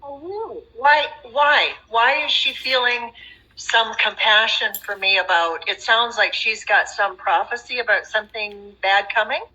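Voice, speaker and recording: Earnest, measured woman on a livestream. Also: fairly high pitch, low-quality recording. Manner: measured, earnest and gently admonishing. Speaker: livestream guest. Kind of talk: casual livestream chat.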